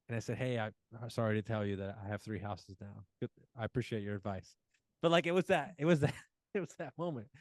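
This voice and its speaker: A man in his forties, guesting on a podcast, tells a long personal story in a casual interview, acting out quoted dialogue and using plenty of fillers. His voice is mid-range and a little mellow, in a dry recording.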